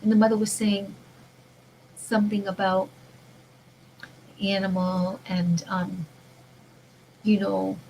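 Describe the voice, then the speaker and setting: Woman, earnest, rambling monologue, mid-pitched voice, faint background noise. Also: little pitch movement, takes it slowly, gravelly, long pauses, darkish tone, low-quality recording. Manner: rambling, earnest, many restarts. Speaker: vlogger. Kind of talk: casual spiritual monologue.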